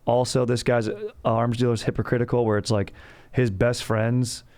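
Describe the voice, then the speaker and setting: On a comedy history podcast, a male host rambles through the story in slang and chuckles at his own gags. His voice is medium-pitched and somewhat dark, with a level tone and a moderate pace.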